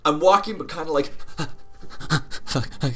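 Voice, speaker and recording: A man's voice: fairly high pitch, moderate pace. A man hosting a gaming video, telling a long casual story in a rambling, profane way while playing. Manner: rambling, profane, often laughing. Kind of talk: casual storytelling over gameplay.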